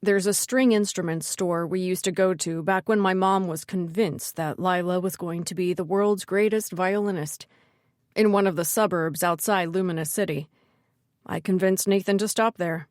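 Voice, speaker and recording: A woman's voice: on the low side, steady tone, moderate pace, darkish tone, dry recording, clean studio sound, close to an everyday voice. A woman voicing a teasing, dismissive young man in an audiobook, a playful older brother. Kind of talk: audiobook character voice.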